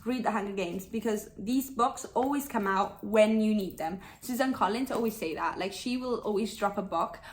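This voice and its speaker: A woman's voice: mid-range voice, normal speed, few pauses, poor audio. Gushing young woman reviewing books. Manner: gushing, expressive, swears casually. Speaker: book vlogger. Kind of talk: casual book review chat.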